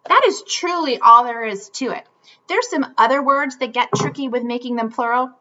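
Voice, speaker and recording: A woman teaching a children's phonics lesson, speaking upbeat and clearly enunciated, in a slightly muffled home video recording. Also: a little high, moderate pace, sharp tone.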